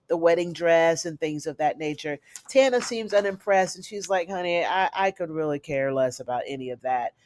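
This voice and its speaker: A woman's voice: fairly low pitch, darkish tone, no echo. Chatty woman recapping a TV episode, dry sound. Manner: chatty, addresses viewers as y'all and honey. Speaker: TV recap reviewer.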